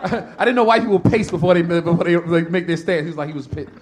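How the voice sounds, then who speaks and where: A man doing stand-up comedy, telling a profane story in an animated way and acting out the people in it. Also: on the high side, quick pace. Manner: animated, profane, acts out characters. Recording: live stage recording with noisy crowd. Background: audience laughter.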